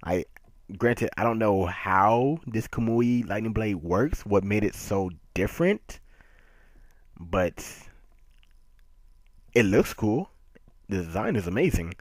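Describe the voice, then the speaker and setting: A man giving a casual manga chapter review, animated and emphatic, laughing often. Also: fairly low pitch, takes it slowly, long pauses, dry recording.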